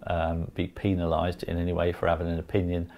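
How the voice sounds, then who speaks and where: Deep gravelly man in his fifties. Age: 50s. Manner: calm, unhurried, lots of ums. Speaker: guest, former football pundit. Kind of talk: casual interview.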